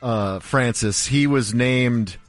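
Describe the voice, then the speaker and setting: A man's voice: mid-range voice, slow pace, soft background music. A man co-hosting a radio talk show, chatty and self-deprecating as he relays the news. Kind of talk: casual banter.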